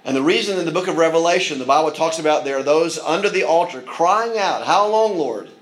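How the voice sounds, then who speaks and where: A man's voice: on the high side, fast talker, poor audio. A man preaching a sermon in an earnest manner, with frequent restarts and asides. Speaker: pastor.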